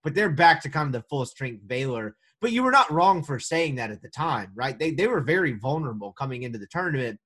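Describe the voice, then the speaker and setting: A man co-hosting a casual sports podcast, talking in an animated, joking way with quick restarts. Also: mid-range voice, slightly rough. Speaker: podcast co-host.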